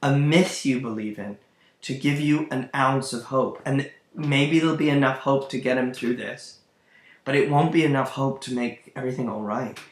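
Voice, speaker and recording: A literature lecturer with a medium-pitched voice talks at a normal speed about a play. Thinking aloud, he searches for words, uses fillers and restarts his sentences in a recorded lecture with roomy echo.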